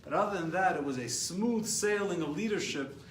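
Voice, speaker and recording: A man with an American accent, a rabbi giving a lively class and taking questions, animated and repeating words as he gets going. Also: high voice, moderate pace. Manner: animated, repeats words when excited, laughs at his own stories. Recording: echoey room, mic at a distance, faint hiss.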